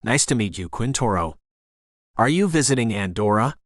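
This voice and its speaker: A man's voice: mid-range voice, lively intonation, moderate pace, no echo, studio quality, natural voice. A man voicing a confident young adult man in an audiobook, speaking in an easygoing, reassuring way. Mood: friendly. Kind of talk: audiobook character reading.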